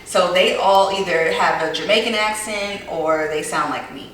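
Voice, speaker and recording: A woman's voice: on the low side, normal speed, a bit bright. A woman who grew up in the southern United States, talking through her thoughts in a casual podcast chat with many fillers. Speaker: podcast co-host. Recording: very echoey room, mic far off, faint hiss.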